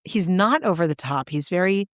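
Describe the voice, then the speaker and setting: A woman co-hosting a podcast, telling a story in casual chat with animated enthusiasm and sudden jumps in pitch for emphasis. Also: moderate pace, no room sound, clean studio sound. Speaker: podcast co-host.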